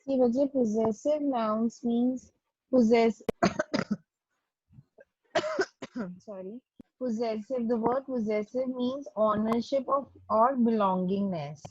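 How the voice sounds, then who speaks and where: A woman's voice: fairly high pitch, darkish tone, slightly rough, no echo. A woman teacher patiently explaining grammar to pupils over a video call. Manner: slow, patient explaining with stressed examples. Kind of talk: online class doubt session. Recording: muffled lo-fi video call audio.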